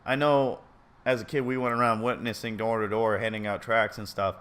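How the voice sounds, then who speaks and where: A man's voice: lowish voice, little pitch movement, brisk, a bit bright, smooth. A man giving casual commentary as he reads an article aloud, earnest and opinionated, rambling and often stumbling and correcting himself. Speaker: video commentator.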